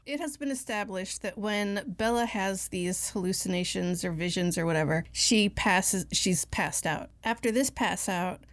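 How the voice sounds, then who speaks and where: A woman's voice: mid-range voice, moderate pace, hardly any pauses. A woman hosting a podcast, talking in a casual, sarcastic and crude way. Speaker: podcast host. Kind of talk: casual comedic chat.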